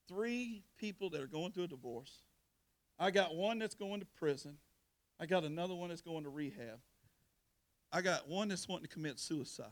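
A male pastor preaching a sermon, calling out to his congregation and getting them to respond in colloquial, straightforward talk. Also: on the high side. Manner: colloquial Southern speech.

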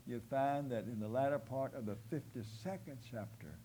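A male preacher delivering a sermon with vivid, dramatic storytelling that rises into loud, forceful outbursts. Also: medium pitch, moderate pace, slight background noise, low-quality recording.

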